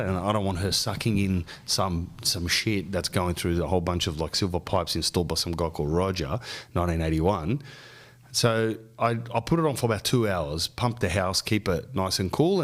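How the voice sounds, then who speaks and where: A man, rambling and joking as a podcast host. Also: low voice. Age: 40s. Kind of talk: casual rambling monologue.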